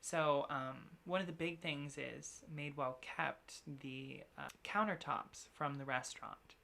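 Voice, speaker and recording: A low-pitched woman co-hosting a podcast over a remote long-distance setup. She talks casually in quick, filler-heavy bursts and retells stories with plenty of "like" thrown in. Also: gravelly, sharp tone. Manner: chatty, quick bursts full of "like". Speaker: podcast co-host. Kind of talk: casual chat.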